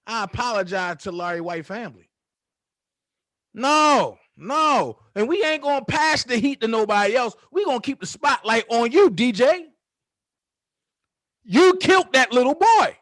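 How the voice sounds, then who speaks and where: A man's voice: extremely high pitch, fairly bright tone, no room sound, studio quality. A man hosting his own commentary channel, delivering a heated, profane, taunting call-out rant full of repeated jabs.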